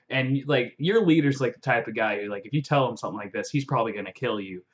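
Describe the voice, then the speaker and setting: A young man excitedly recapping a fantasy novel in a rambling vlog, full of fillers and swearing. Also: mid-range voice, quick pace, few pauses. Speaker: vlogger. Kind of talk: casual book recap. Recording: dull lo-fi audio.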